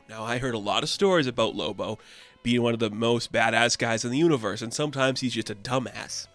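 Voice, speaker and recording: Chill guy recapping a comic, mid pitch, easygoing and offhand, faint music behind. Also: a little fast, fairly bright tone. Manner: laid-back, offhand, recaps with slangy asides. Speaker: comic book reviewer. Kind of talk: casual comic review.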